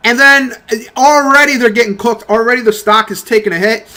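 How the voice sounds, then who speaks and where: Bright-voiced young man ranting casually. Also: very high voice, a little fast, hardly any pauses. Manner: profane, animated storytelling with mocking impressions. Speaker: mobile game streamer. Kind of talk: casual gameplay commentary rant.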